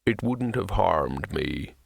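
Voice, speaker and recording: A man voicing a slow, deep, sorrowful troll. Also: animated, vocal fry, dry recording, heavily acted. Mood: mournful. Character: huge gentle melancholy male troll sailor. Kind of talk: audiobook character voice.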